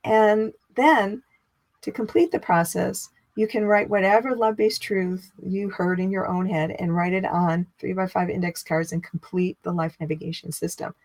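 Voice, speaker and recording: Her voice fairly low and her pace moderate, a middle-aged woman teaches as a spiritual teacher. She's expressive and chatty, and her voice rises when she performs inner dialogue.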